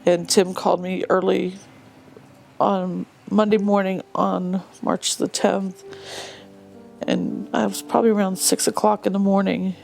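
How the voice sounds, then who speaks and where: A widowed mother in an interview, telling her story in a halting way with frequent restarts. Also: mid-range voice, flat delivery, gravelly, darkish tone, soft background music. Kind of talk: recounting a personal story in an interview.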